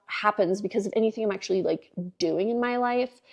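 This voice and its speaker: Woman, 40s, podcast host; casual, candid storyteller with a middle-pitched voice and lots of fillers. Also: a little fast, creaky. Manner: animated, filler-heavy, candid.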